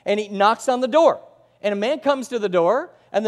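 A male pastor preaching a sermon with animated delivery, acting out the voices of the people he quotes. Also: high-pitched, brisk. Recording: long hall reverb.

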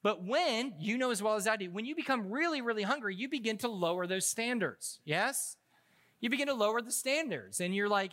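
High, bright-voiced male preacher. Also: expressive, a little fast. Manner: humorous, conversational storytelling with frequent restarts. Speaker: pastor. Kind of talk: sermon.

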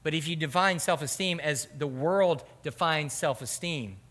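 A man preaching a sermon as pastor, animated and rhetorical. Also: fairly high pitch, normal speed. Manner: animated, rhetorical, acts out quoted voices. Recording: hall reverb.

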